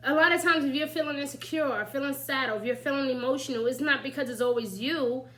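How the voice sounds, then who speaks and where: A woman's voice: high-pitched, a bit bright, low-quality recording. A woman giving casual, chatty spiritual advice as an astrology reader, often asking "right?" and "you know?" and laughing lightly. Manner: laughs lightly while talking.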